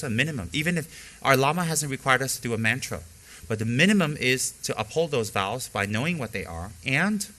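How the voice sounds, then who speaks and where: Here a middle-aged Buddhist teacher speaks in a sharp-toned, mid-range voice while giving a spoken dharma teaching. His delivery is emphatic, repeating key phrases for stress, and he drops in candid stories from his practice.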